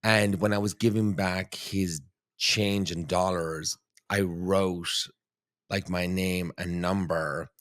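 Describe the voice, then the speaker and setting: Irish-born male podcast host, 30s, low-pitched, dry close sound, chatty storyteller. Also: slow pace, dry recording. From Ireland. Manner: animated storytelling, swearing, frequent "like". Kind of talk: casual chat.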